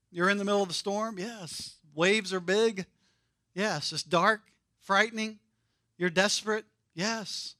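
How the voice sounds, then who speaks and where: A man preaching a sermon, emphatic and repeating key phrases, sometimes dropping very soft for emphasis. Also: high-pitched, unhurried, dry recording, studio quality. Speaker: pastor.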